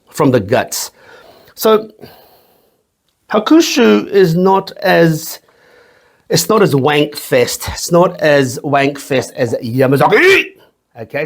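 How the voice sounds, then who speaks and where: A man hosting his own whisky review channel, talking casually with crude jokes and swearing, rambling and tagging lines with "okay?". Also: medium pitch. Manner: profane, joking, rambling, says "okay?" often.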